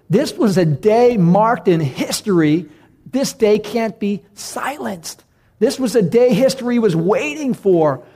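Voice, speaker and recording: A man's voice: sits high, darkish tone. A man preaching a sermon to a congregation, conversational and direct, acting out the voices of crowds in his story. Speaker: pastor.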